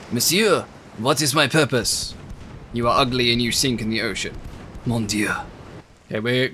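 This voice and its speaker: A young man talks through his naval strategy game into a desk mic. He swings between chatty planning and excited outbursts, with wry asides, at an ordinary middle pitch. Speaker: gaming YouTuber.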